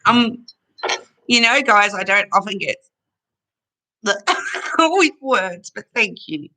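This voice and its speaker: A woman's voice: mid-range voice, sing-song, takes it slowly, pushed and bright, rough recording. A woman hosting a casual live chat from home on her computer, reading viewers' comments aloud and thanking them, chatty and at times emotional. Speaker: livestream host reading chat.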